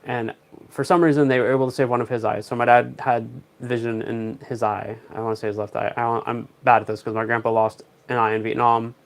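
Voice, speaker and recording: A man's voice: mid-range voice, flat delivery, a little fast, creaky. A young man, chatting on a casual livestream, rambling through stories with dry, joking asides. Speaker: live streamer.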